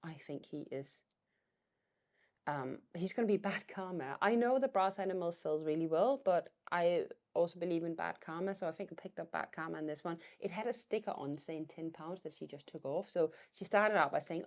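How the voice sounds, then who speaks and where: A woman's voice: lowish voice, normal speed, a little mellow. A woman vlogging about reselling vintage decor, chatting casually and thinking aloud as she goes. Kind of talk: casual vlog chat.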